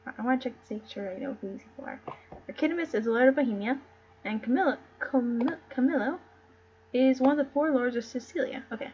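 A woman's voice: sits high, fast, slight background noise. A woman who streams herself reading a play aloud and chatting casually. She is giggly and rambling, and she stumbles over names. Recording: dull lo-fi stream audio.

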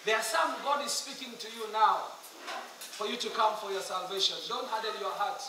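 A man with a Kenyan accent preaching an altar call in a large hall, pleading and urgent, rising at times to shouts. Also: high-pitched, steady tone, normal speed, noisy background. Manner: urgent, pleading, switching between English and Swahili, swelling to shouts. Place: large echoing hall at a school meeting. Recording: echoey hall from far off with music.

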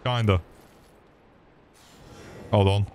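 A man's voice: lowish voice, extremely slow, slight background noise. Sweary British man streaming a game. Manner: sweary, excitable, chats with viewers. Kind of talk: live gameplay commentary.

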